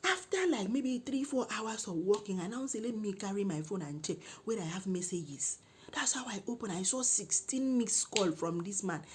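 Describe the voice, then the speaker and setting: A middle-aged woman with a Nigerian English accent, telling a comic story in an animated, exclaiming way and scolding when indignant. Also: medium pitch, moderate pace, slightly rough. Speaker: comedic storyteller.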